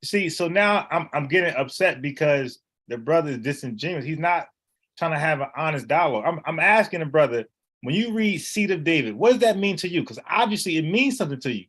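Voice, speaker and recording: A man, debating and explaining a Bible word in casual, animated talk, often restarting his phrases. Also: a little high, brisk, slightly rough. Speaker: online Bible teacher.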